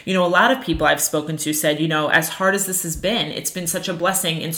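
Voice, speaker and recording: A woman teaching a class on Jewish ethics, earnest and animated, telling personal stories with frequent fillers. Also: deep voice, fast talker. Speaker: religious teacher.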